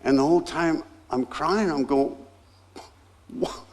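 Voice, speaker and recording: A man's voice: fairly high pitch, moderate pace. A man in his sixties, a guest pastor telling a personal story in a sermon and acting out the other people's lines. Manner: animated, acts out voices in his anecdotes.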